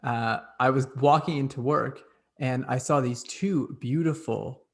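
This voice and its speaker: A young man hosts a casual chat, his mid-pitched voice carrying a gravelly edge. He talks in an upbeat, loose way, leaning on "like" as he tells his story. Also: unhurried. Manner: chatty, upbeat, lots of "like". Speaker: host.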